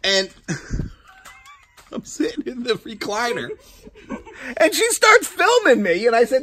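A man hosting a casual family vlog at home, playful and goofy, bursting into shouts and laughter. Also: very high-pitched, very animated, unhurried, pauses often, low-quality recording. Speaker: vlog host. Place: at home indoors.

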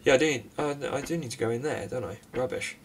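A man's voice: medium pitch, recorded from a distance, slight background noise. Sarcastic man narrating a game from afar. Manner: sarcastic, self-mocking, quick outbursts at the game. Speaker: gaming commentator. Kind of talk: let's play commentary.

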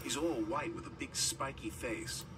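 A man's voice: mid-range voice, measured pace, far from the mic, loud music behind the voice, close to an everyday voice. A man voicing a cheeky young male tank engine in a storybook, teasing playfully.

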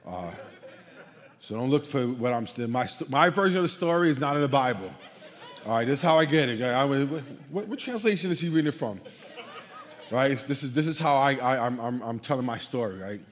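A man's voice: medium pitch, lively intonation, brisk. A man preaching from a church stage, retelling a story loosely and conversationally, often restarting and repeating himself. His mid-range voice rings out with a long hall reverb. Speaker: guest preacher. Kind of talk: sermon.

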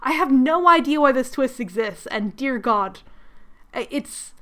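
A young woman recapping a book with comedy, sarcastic, animated and self-mocking. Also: high voice, unhurried. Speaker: book reviewer.

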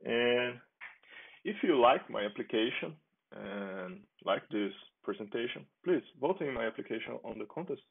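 A man casually demonstrating his software project on a screen share, talking in a halting, unhurried way and chuckling as he goes. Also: medium pitch, expressive, vocal fry, slightly rough. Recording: tinny phone-like lo-fi audio.

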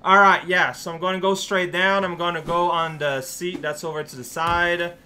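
A man's voice: sits high, steady tone, moderate pace, pushed and bright, slight background noise. A man giving casual, playful commentary while playing a video game, rambling and talking to himself and to the characters on screen. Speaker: let's play host. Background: game music.

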